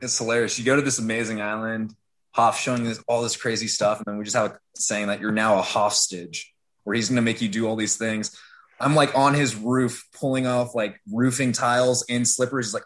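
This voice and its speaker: A man's voice: mid-range voice, fairly even intonation, brisk, fairly bright tone. Amused man in casual chat.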